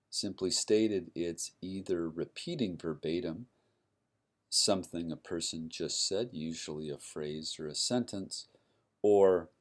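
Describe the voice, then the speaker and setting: A deep-voiced man lectures at an unhurried pace, laying out his points one step at a time. He often restarts a phrase partway through, and keeps checking that the class is following before he moves on. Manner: explanatory, with frequent restarts and "right?" checks. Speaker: university lecturer.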